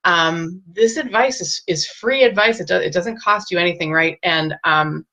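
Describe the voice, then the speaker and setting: A woman hosting a casual live-stream with parenting advice, speaking gently and reassuringly and greeting viewers by name. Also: fairly low pitch, moderate pace.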